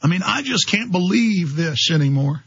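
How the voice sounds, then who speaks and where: A man's voice: high voice, animated, normal speed, fairly bright tone, husky, dry recording, lo-fi sound. A man hosting a talk radio show, delivering an impassioned, ranting monologue straight to his listeners.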